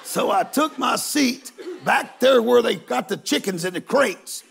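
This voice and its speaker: A man preaching a humorous storytelling sermon to a live congregation in a large church, folksy and emphatic, breaking into shouts. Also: very high-pitched, lively intonation, unhurried, gravelly, noisy background. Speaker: guest preacher.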